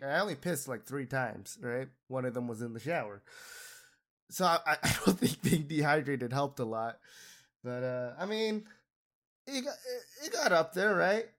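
A man's voice: mid-range voice, lively intonation, moderate pace, fairly bright tone. A young man hosting a podcast, sick and nasal, rambling loosely and crudely with frequent laughs. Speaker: podcast host. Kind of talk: casual chat.

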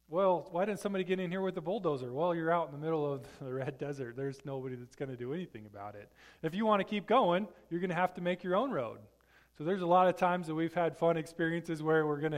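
A man's voice: on the high side, brisk. Conversational pastor, a man preaching. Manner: conversational, checks in with the congregation often. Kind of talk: sermon. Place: church sanctuary.

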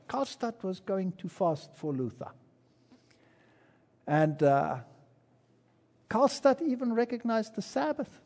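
A man's voice: sits high, warm tone, long reverb tail. A man giving an earnest, emphatic sermon-style history lecture, telling the story and adding asides from his own life. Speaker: preacher.

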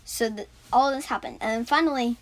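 A woman's voice: on the high side, brisk. A woman improvising a story as a storyteller, rambling with many fillers and restarts.

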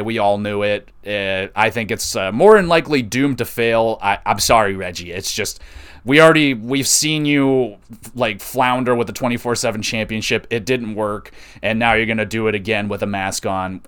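A man hosting a podcast, reviewing wrestling shows in an excitable, casual way, laughing and swearing freely. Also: mid-range voice, clean tone. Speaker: podcast host.

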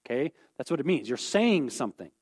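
A man's voice: medium pitch, sing-song, a little fast, darkish tone, slightly rough. A man teaching a Bible lesson, explaining terms and repeating key points, often checking in with "okay?".

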